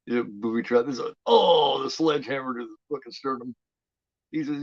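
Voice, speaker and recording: A man's voice: mid-range voice, a little fast, husky, no echo. Profane man rambling through movie commentary. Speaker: host of a horror watch-along. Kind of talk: casual live movie commentary. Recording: dull lo-fi home recording.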